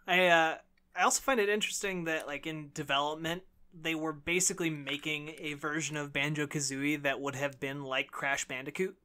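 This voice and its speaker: Bright, teasing podcast co-host man. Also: on the high side, fairly even intonation, moderate pace. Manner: playful, teasing, argumentative. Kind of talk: casual chat.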